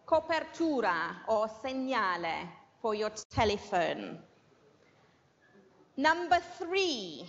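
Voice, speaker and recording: A woman teaching an English class in a classroom and leading a dictation, patiently repeating each word twice. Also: medium pitch. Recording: dull lo-fi sound with long room reverb.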